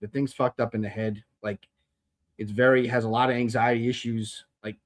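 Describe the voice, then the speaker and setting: A man's voice: medium pitch, level tone, normal speed. A man hosting a podcast, ranting in a casual, rambling monologue with plenty of profanity and restarts. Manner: blunt, profane and rambling, with many fillers and restarts. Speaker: podcast host.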